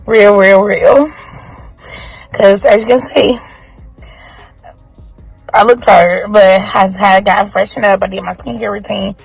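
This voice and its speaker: A woman's voice: medium pitch, steady tone, measured pace, creaky, pauses often, faint music behind, low-quality recording. A young woman, chatting casually to her viewers in a vlog, a bit out of breath, recorded on a phone. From North Carolina, US. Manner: chatty, talks straight to viewers. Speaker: vlogger. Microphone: phone held at arm's length.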